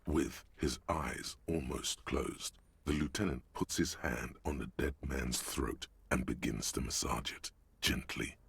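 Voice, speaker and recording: A man narrating a game in a grave, measured, gravelly voice. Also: a bass voice, steady tone, no echo, full character voice.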